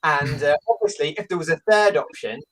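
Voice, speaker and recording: Lively, laughing man on a podcast. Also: on the high side, fairly quick, a little hiss or hum. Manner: laughing, animated storytelling. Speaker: podcast guest. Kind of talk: casual podcast chat.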